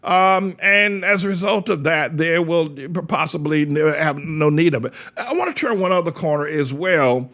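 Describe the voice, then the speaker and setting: Blunt older male pastor, higher voice. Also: normal speed, few pauses, fairly bright tone. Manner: blunt, digressive, repeats words while searching. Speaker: pastor and commentator. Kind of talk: commentary monologue.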